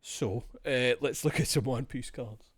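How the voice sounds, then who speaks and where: A man's voice: mid-range voice, a little slow, no room sound. A man streaming, chatting casually in a rambling, profane, jokey way.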